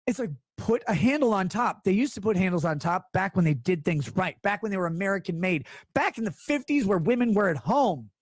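A man's voice: high-pitched, animated, a little fast, hardly any pauses, dry recording, clean studio sound. A man on his livestream, reading chat messages aloud and launching into an exasperated, profane, sarcastic rant. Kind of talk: ranting livestream monologue.

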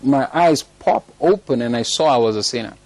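A man's voice: mid-range voice, animated, normal speed, no room sound. A man preaching a sermon, telling a story and breaking into laughter at it now and then. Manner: storytelling, laughs often at his own story.

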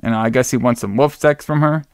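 Smooth-voiced man recapping a movie casually. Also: medium pitch, a little fast, darkish tone, no room sound, studio quality. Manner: loose, crude retelling with acted-out quotes. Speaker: podcast co-host.

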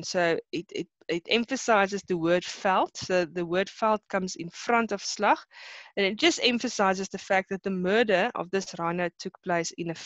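A woman's voice: fairly low pitch, a bit bright, dry recording, muffled recording. Hesitant woman teaching a poem. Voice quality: frequent hesitations and repeated words. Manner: explains slowly, mixing in Afrikaans terms. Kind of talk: online lesson explaining a poem.

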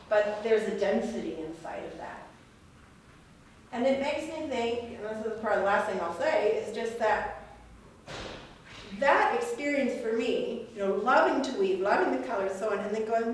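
A woman with a fairly high voice gives a casual gallery talk, reflective and rambling, laughing often. She is heard from a distance. The room is very echoey. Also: a little hiss or hum. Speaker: weaving artist giving a talk.

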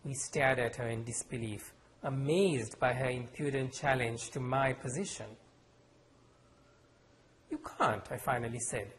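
A man from Sri Lanka, reading aloud from his novel in a measured, expressive storytelling manner at a university event. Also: medium pitch, roomy sound, slight background noise, rough recording. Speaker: author. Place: lecture hall at a university event.

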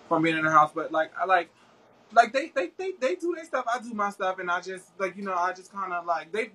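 A woman's voice: sits low, fairly bright tone, husky, poor audio. A young woman guest talking about her experiences in casual, slangy, profane chat, full of fillers.

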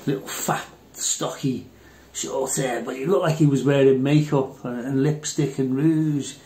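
A man's voice: mid-range voice, fairly even intonation, unhurried, mellow. An older Englishman telling rambling, blunt, swear-filled army anecdotes in casual chat. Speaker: airgun channel host. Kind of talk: casual storytelling. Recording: roomy echo.

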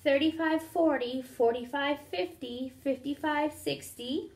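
A woman reads a picture book to children, her voice high and her pace slow and patient. She stops often to count out loud and ask the young listeners what they see. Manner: interactive, asks children to count along. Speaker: storyteller for children.

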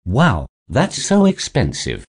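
A man reading simple scripted practice dialogues in a slow, even textbook delivery. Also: lowish voice, breathy edge. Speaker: dialogue reader for English practice.

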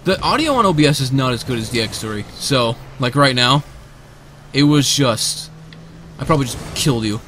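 Excitable man calling his own gameplay. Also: mid-range voice, moderate pace, a little hiss or hum. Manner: excitable, bursts into shouts and repeated cheers. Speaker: gamer and video creator. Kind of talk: live gameplay commentary. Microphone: desk microphone, sitting close.

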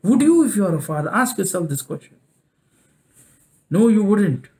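A man's voice: sits high, very animated, normal speed, a little mellow. Man preaching, repeating phrases for emphasis. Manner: repeats phrases for emphasis, asks the listeners questions. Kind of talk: sermon.

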